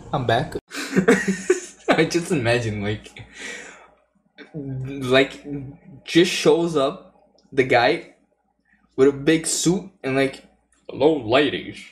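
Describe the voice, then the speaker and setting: A woman's voice: rumbling low, extremely slow, pauses often, slight background noise, rough recording. A woman streamer rambling through casual commentary, giggling and cracking crude jokes.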